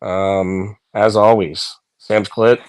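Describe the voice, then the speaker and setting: A man's voice: on the low side, little pitch movement, very slow, darkish tone, smooth. Man, casual chat, phone in bed, profane, rambling, laughing.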